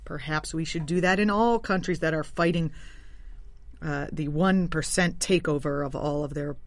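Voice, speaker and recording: A woman's voice: low voice, normal speed, no room sound. A woman hosting her show from a home studio, giving satirical political commentary with sarcastic, wry asides. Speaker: show host.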